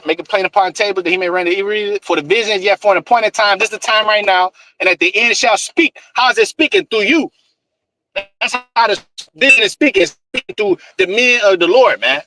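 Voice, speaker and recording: A man's voice: high voice, sharp tone, dry recording, low-quality recording. A man preaching scripture in a fiery, profane style, with emphatic repetition and "man" tagged on nearly every line. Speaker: street preacher.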